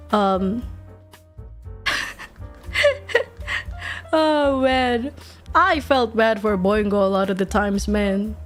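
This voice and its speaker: A woman streamer chatting casually while she draws, animated, swearing freely and laughing often. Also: mid-range voice. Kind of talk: casual chat while drawing.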